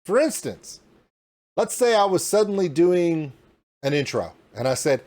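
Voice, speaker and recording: Host type: man at his home streaming desk, animated and demonstrative, pitch jumping all over. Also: unhurried. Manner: animated and demonstrative, pointing things out. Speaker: reaction channel host. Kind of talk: casual tutorial walkthrough.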